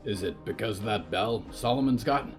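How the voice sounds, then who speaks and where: A man voicing a wary, steady man leading a rescue, speaking quietly and low-key. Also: normal speed, soft background music, close to an everyday voice.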